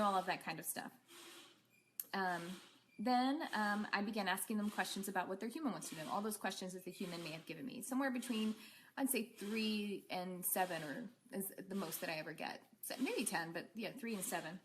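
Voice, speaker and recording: A woman's voice: mid-range voice, slight background noise. A woman teaching a casual online class as an animal communicator, rambling along with many fillers and restarts.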